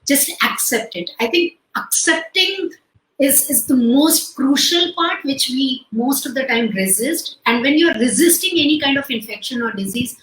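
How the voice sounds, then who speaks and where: A woman's voice: high voice, animated, normal speed, fairly bright tone, roomy sound, low-quality recording. A woman in her late forties with an Indian English accent, telling a personal story in an interview, full of "like" and "you know" fillers. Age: late 40s. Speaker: guest. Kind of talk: conversational interview over video call.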